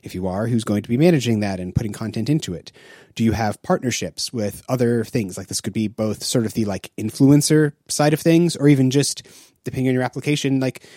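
A man's voice: mid-range voice, brisk, warm tone, dry recording, studio quality. A man co-hosting a casual podcast discussion, rambling with many fillers and restarts. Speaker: podcast co-host.

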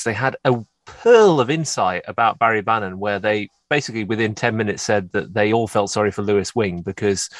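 A man's voice: lowish voice, no echo. A man co-hosting a football podcast, wry and opinionated. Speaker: podcast co-host. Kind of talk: casual football podcast chat.

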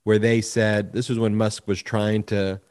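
A man co-hosting a podcast, answering in a calm, measured way. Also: on the low side, smooth. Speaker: podcast co-host. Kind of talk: casual chat.

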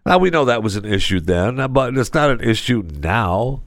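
A man's voice: medium pitch, expressive, moderate pace, no echo, clean studio sound. A man hosting a podcast in casual talk, jokey and rambling, reading an ad in his own loose way and teasing himself. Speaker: podcast host.

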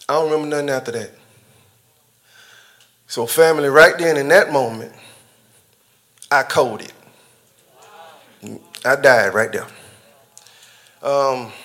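A man gives a personal testimony in a bright, forceful voice. He talks in a casual, conversational way, chuckling often and speaking directly to his church family. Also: fairly high pitch. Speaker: church member giving a testimony.

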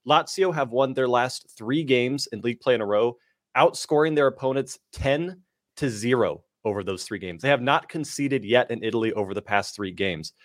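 A man's voice: mid-range voice, lively intonation, no echo, clean studio sound. Man rattling off soccer betting stats. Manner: brisk, stat-heavy, confident picks. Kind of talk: sports betting analysis.

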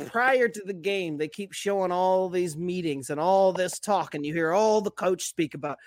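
High-voiced man in casual sports chat. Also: normal speed, no echo. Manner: animated, profane, laughs a lot. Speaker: podcast co-host.

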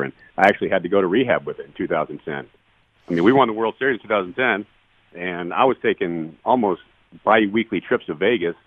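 A man in his forties speaks quickly in a very low voice, blunt and profane but earnest as he tells his story. The sound is dry and thin, squeezed through a narrow phone-like line. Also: no room sound. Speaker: guest, retired baseball player. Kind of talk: candid podcast storytelling.

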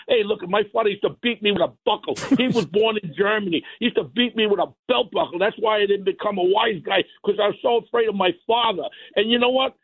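A man's voice: high voice, brisk, hardly any pauses. A middle-aged man, a guest, ranting bluntly and combatively about crime. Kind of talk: heated political talk. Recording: tinny phone line.

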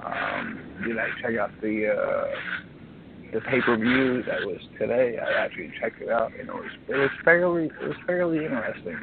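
A hoarse man calling in to a show, talking in halting, rambling stretches full of restarts. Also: medium pitch, very animated. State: hoarse, frog in his throat. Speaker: caller. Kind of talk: phone-in chat. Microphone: phone. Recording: noisy phone line.

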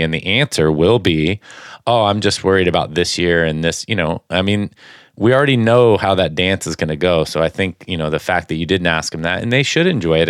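A man's voice: low voice, fairly bright tone, smooth, no room sound, clean studio sound. A man co-hosting a sports podcast, chatting casually and rambling with many fillers and restarts.

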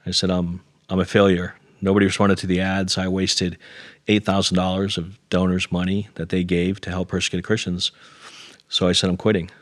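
A middle-aged man, guesting in an interview, tells a personal tale earnestly and self-deprecatingly, playing out the dialogue. He speaks low and monotone at a moderate pace. The studio-quality recording carries no room sound.

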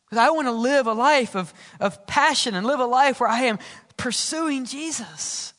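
Male pastor, middle-aged, sermon, high voice, dynamic then hushed delivery, long church reverb. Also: normal speed. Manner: dynamic preaching, drops to soft low tones on key lines. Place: church sanctuary.

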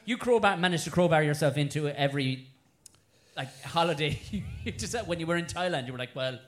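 Man, co-host, animated teasing delivery, higher voice. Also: brisk. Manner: swears a lot, teasing. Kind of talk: casual chat.

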